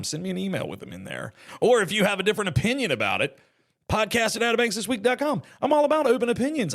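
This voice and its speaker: A man's voice: fairly high pitch, a bit bright. A man hosting a casual solo podcast, chatty and rambling with joking asides. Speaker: podcast host.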